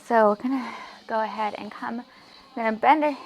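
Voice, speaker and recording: A woman leading a yoga class, giving calm, encouraging cues with soft breathy asides. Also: fairly high pitch, brisk. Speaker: yoga instructor. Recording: music playing faintly behind.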